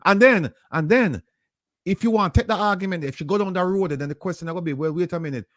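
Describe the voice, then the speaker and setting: A man's voice: high-pitched, racing, no echo, clean studio sound. A man with a Jamaican accent hosting a casual talk, insistent and argumentative as he directs the reading. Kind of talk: casual chat.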